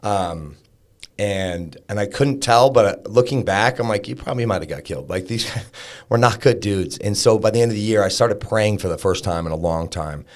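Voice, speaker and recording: A man in his thirties appears as a podcast guest, candidly sharing a personal story in a conversational style full of fillers and restarts. His lowish voice moves at normal speed.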